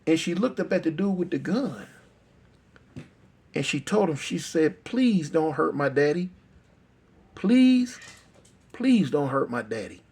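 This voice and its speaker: Brief: male storyteller, gravelly husky voice, talks plain and repeats for effect. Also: a little high, a little mellow. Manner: repetitive, conversational, emphatic. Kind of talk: oral street storytelling.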